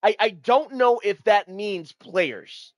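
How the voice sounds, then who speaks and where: A man streaming, talking casually to his chat about card decks in a hyped, profane, animated way. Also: high voice, takes it slowly, dry recording. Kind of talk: casual card-game commentary.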